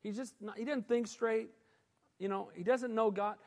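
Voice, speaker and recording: A male pastor voicing a gentle, humble woman who pleads softly for peace. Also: high-pitched, steady tone, moderate pace, in a large hall. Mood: soothing. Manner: soft, soothing.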